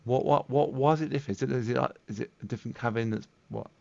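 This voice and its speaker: A man's voice: medium pitch, rapid-fire, gravelly, darkish tone, dry recording. Inquisitive man on a dull, dry mic. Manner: inquisitive, chimes in with questions and agreement. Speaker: podcast co-host. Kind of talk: casual gaming podcast chat.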